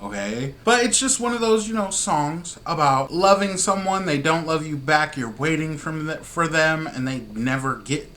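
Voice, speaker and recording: A man chats casually about songs he has just heard, gushing and slangy throughout. His voice sits a little high for a man, and his tone stays excitable. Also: moderate pace, few pauses. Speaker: music reaction host. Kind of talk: casual reaction commentary.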